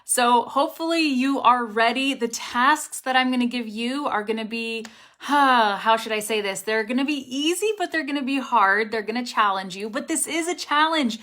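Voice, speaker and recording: A woman's voice: on the high side, normal speed, sharp tone. A young woman running a live online English pronunciation lesson, chatty and upbeat, talking straight to her viewers.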